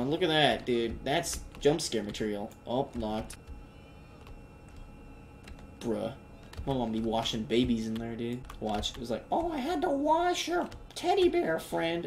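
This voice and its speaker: A young man doing joking let's play commentary, reacting loudly and talking in slang. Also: mid-range voice, a little hiss or hum. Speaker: gamer.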